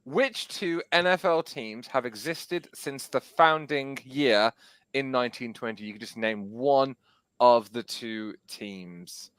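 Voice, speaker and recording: A man's voice: medium pitch, slow pace, fairly bright tone, clear, resonant tone. A man with a Geordie accent, reading quiz questions on a podcast, teasing and laughing often. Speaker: quizmaster on a podcast. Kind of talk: casual quiz banter.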